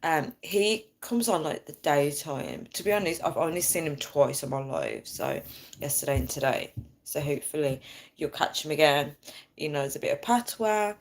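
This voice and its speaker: Woman, 30s, bubbly live-stream host on a phone, slightly low voice. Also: very animated, normal speed. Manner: chatty and bubbly, reads out viewer comments. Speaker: livestream host. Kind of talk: casual live-stream chat.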